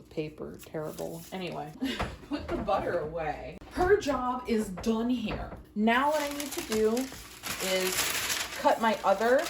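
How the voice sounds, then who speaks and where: A woman vlogger bakes in her home kitchen and chats casually, giggling, mocking herself, and making puns. Her voice is medium-pitched with vocal fry. The phone recording picks up heavy background noise.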